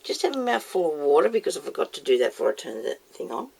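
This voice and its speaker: A woman with a low, heavily gravelly voice talks her way through a craft project in a casual how-to video. She chats to the viewer and to herself as she works. A faint hiss of noise sits under the recording. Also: very animated, fast talker. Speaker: crafter demonstrating mould making.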